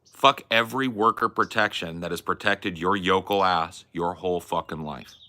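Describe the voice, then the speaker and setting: Young male streamer, heated profane rant, tense bright tone. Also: sits low, normal speed. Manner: combative, mocking and profane. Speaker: stream host arguing with chat.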